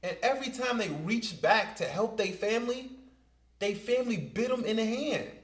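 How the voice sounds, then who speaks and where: A man's voice: high voice, lively intonation, normal speed. A man giving emphatic, casual commentary as he reacts to a clip. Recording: echoey room.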